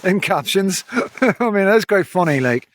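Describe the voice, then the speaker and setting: Filmed outdoors on a handheld phone during an evening walk, this vlogger speaks casually to viewers in a high-pitched, expressive, slightly slow voice. His strong regional accent, he claims, trips up captions, and he rambles frankly and gloomily, looping back, occasionally swearing and saying "you know" a lot.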